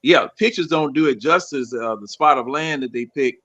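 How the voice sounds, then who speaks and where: A man co-hosting a casual sports talk show, rambling and quick. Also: mid-range voice, fairly bright tone, dull audio. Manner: rambling, lots of fillers and restarts, quick. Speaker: podcast co-host.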